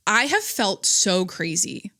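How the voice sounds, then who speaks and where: Her voice is medium-pitched and gravelly yet bright and forceful, recorded dry with clean studio sound. Alone on her own podcast, this young woman chats casually, trailing off mid-sentence and laughing between ideas as she rambles.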